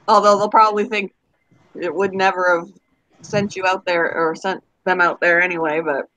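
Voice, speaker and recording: A woman's voice: on the low side, fairly even intonation, unhurried, fairly bright tone, no room sound, poor audio. A woman hosting a casual group chat, laughing often and acting out what people say. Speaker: host.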